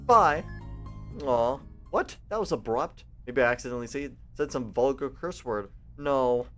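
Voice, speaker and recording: A man's voice: medium pitch, lively intonation, unhurried, fairly bright tone, soft background music. Playful man rambling over a game. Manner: playful, rambling, chatty asides. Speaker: let's play gamer. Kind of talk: reading a visual novel aloud with commentary.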